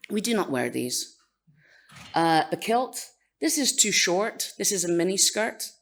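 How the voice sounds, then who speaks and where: A woman's voice: mid-range voice, measured pace, vocal fry. Scottish woman speaker, dry sarcastic humor, talks to a conference crowd. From Scotland. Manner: dry, sarcastic, lively delivery. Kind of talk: conference talk with slides.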